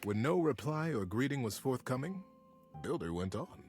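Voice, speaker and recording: A man giving a scripted storybook narration in an expressive, theatrical way. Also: medium pitch, normal speed, faint music behind.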